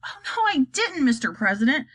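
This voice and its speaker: A woman's voice: high voice, sing-song, fairly quick, fairly bright tone, slightly rough, no echo, heavily acted. A woman reading aloud and voicing a polite male astronaut answering his superior defensively.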